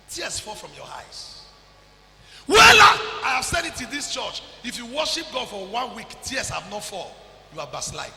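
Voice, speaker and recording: Man, Nigerian accent, pastor, fervent sermon, sudden shouts, high voice, gravelly, echoey church. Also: a little hiss or hum. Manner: fervent preaching, bursts into shouts, mixes in pidgin.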